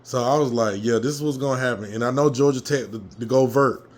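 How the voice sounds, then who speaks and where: A man telling a fired-up story from a football game he attended, his voice a little hoarse, swearing freely and jumping into loud reenactments. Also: mid-range voice, fast. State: slightly hoarse. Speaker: fan commentator. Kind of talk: casual fan rant.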